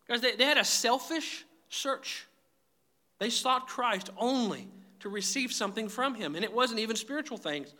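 A man's voice: extremely high pitch, expressive, normal speed, bright, forceful tone. A man preaching a sermon, emphatic and direct, often calling his listeners "guys". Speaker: pastor.

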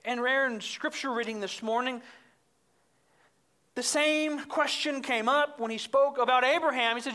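A woman preaching from the pulpit with a bright, forceful voice. She works through scripture in an expository sermon and presses her points home with emphasis, climbing higher and louder as she builds. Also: moderate pace. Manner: emphatic, rises in pitch and volume when stressing points.

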